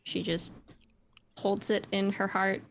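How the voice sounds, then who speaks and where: A woman's voice: medium pitch, flat delivery, takes it slowly, vocal fry, a little hiss or hum. A woman playing a tabletop roleplaying game, talking casually in fragments and laughing often. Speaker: player.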